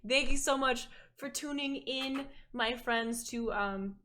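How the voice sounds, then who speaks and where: A woman's voice: high voice, takes it slowly, sharp tone, slight background noise. A woman narrating as game master, hesitant with fillers and self-mocking.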